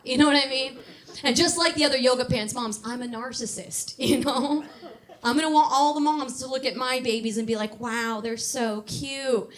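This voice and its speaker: A woman's voice: a little high, a bit bright. A woman in her thirties doing a brash stand-up comedy set on a club stage, laughing at her own jokes. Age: 30s.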